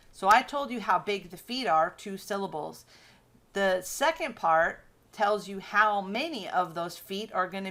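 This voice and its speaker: A woman teacher lectures her class in a casual, conversational way. She explains patiently, using fillers and quick self-corrections as she thinks aloud. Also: mid-range voice, fairly bright tone.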